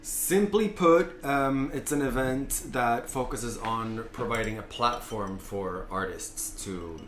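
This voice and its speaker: A man's voice: medium pitch, takes it slowly, a bit bright, slight background noise. A man from Sweden, an event organizer, explaining his events in a laid-back, plain-spoken way during an interview. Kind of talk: casual interview talk. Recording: roomy echo with faint ambience.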